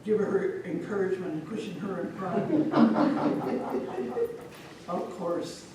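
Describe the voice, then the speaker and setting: A middle-aged woman from Omaha telling a folk tale live to an audience, lively and chatty, with asides to the crowd. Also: fairly low pitch, moderate pace, background noise. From Omaha, Nebraska. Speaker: storyteller. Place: large event hall. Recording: echoey hall from far off.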